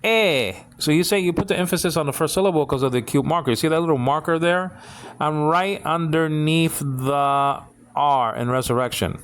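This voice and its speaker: A man giving a casual Bible Greek lesson, halting and full of restarts, often checking that listeners follow. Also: a little high. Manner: keeps asking "you understand what I'm saying?".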